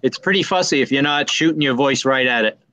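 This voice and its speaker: A man's voice: mid-range voice, fast talker, bright, forceful tone, no room sound, poor audio. A man with a Massachusetts accent, a guest on a live chat, talking in a wry, joking way through a laptop mic. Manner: wry, self-deprecating, joking. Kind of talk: casual live-stream chat. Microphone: laptop built-in mic.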